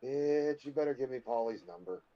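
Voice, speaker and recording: Blunt, dark-toned man on dull audio. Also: expressive, moderate pace. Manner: blunt, insulting, swinging pitch. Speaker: podcast co-host. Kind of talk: crude improvised comedy banter.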